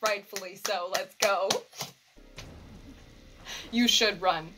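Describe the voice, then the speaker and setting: A woman's voice: medium pitch, measured pace, over music, low-quality recording. A woman doing anime reaction commentary as a YouTuber, talking back to the screen, swearing and pleading with the characters.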